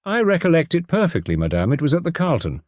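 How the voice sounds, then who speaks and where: A man's voice: a little high, huge pitch swings, fast talker, darkish tone, no echo, clean studio sound, pitched above the performer's own voice. A man reading aloud, voicing a precise, courteous Belgian detective who scatters French words through his speech.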